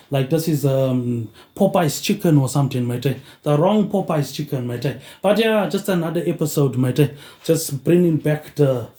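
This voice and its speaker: A man's voice: fairly high pitch, warm tone, roomy sound. A man hosting his own show in a rambling monologue, tagging lines with "mate, eh" in a dropping tone. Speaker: podcast host.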